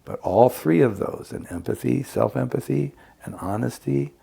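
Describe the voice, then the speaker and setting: A man's voice: mid-range voice, normal speed, gravelly, mellow, slightly rough. A man who works as a conflict mediator, explaining his method reflectively in a casual podcast conversation. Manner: reflective, explains with acted examples.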